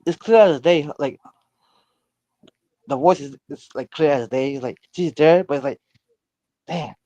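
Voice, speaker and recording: A man tells his story over a muffled, lo-fi line. His voice sits a little high, and he rambles, stumbling over repeated words and fillers. The sound is dry and close. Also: normal speed, warm tone, dry recording. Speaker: caller. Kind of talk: casual storytelling.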